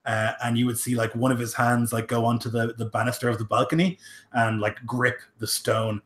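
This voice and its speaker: A man's voice: mid-range voice, fairly even intonation, fairly quick, fairly bright tone. A man narrating as game master, rambling with lots of filler words. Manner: rambling, heavy use of "like" and "um".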